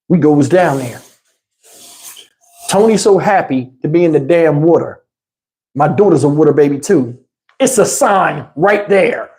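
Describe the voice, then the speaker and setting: A man with a Texas accent telling a funny story in casual, animated vlog style, laughing and acting out the people in it. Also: sits high, moderate pace. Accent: Southern US, Texas. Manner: animated, swearing, laughs often, acts out the other people in the story. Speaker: vlogger.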